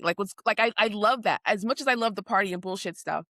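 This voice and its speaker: A woman's voice: mid-range voice, quick pace, fairly bright tone, no room sound, studio quality. A woman co-hosting a podcast in casual chat, talkative and insistent, often restarting her sentences. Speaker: podcast co-host.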